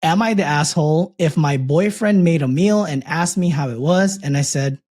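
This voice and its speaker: A man co-hosting a casual podcast, reading a post aloud in a steady, measured way and chatting between reads. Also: a little high, slightly rough. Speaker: podcast co-host reading a story.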